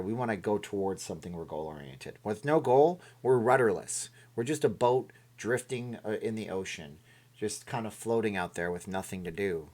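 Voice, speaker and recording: Rambling motivational man on a livestream. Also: lowish voice. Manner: rambling, motivational, reads viewer messages aloud. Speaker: livestream host. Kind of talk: casual livestream chat. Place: home.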